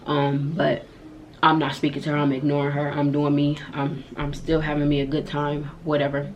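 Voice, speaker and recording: A woman's voice: sits low, monotone, normal speed, darkish tone, muffled recording, a little hiss or hum. A young woman vlogger telling a story to her viewers in a candid, slangy and emphatic way. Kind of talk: storytime vlog.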